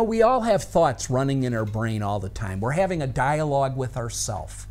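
A Bible teacher giving a recorded study lesson, explaining a practice step by step and thinking aloud through a verse. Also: mid-range voice.

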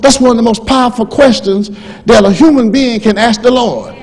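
A man preaching a sermon in church, swinging from fervent shouting to quiet storytelling. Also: extremely high pitch, sing-song, moderate pace. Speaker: pastor.

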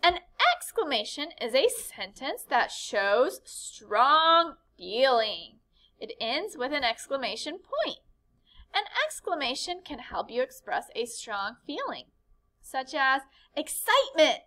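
A woman teaches a lesson to young children in a high, bright voice. Her pitch leaps all over as she acts out each exclamation with big expression. She takes her time and speaks slowly. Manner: animated and expressive, acting out exclamations. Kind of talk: elementary classroom lesson.

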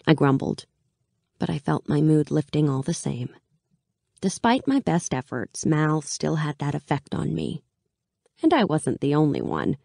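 A woman narrating a first-person audiobook in a wry, even storytelling manner, close to the mic. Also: low-pitched, unhurried, vocal fry, dry recording.

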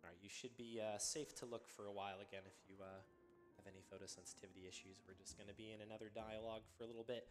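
A man commentating live on his own speedrun, explaining the game in a relaxed way with many ums and uhs. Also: lowish voice, racing, over music. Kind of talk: live commentary while playing.

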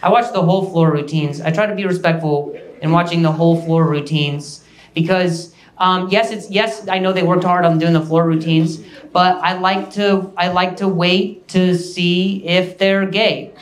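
Stuttering comedian, fairly high voice. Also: male voice, fairly even intonation, normal speed. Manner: stutters, brash and ranting. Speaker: stand-up comedian. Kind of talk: stand-up comedy set. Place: comedy club stage. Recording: roomy club with loud noise.

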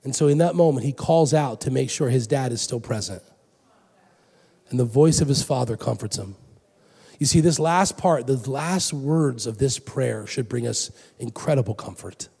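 A middle-aged man preaching a sermon as pastor in a church, animated, swinging from loud emphatic lines to soft hushed ones. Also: medium pitch, moderate pace, vocal fry, breathy edge. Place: church sanctuary. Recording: long hall reverb.

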